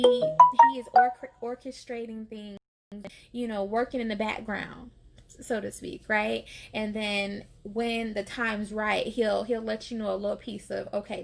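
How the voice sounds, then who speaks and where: A woman's voice: mid-range voice, vocal fry. A young adult woman, a nurse, talking casually and from the heart about faith and her work, with frequent fillers and laughs. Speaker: nurse and vlogger. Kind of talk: casual faith-sharing chat.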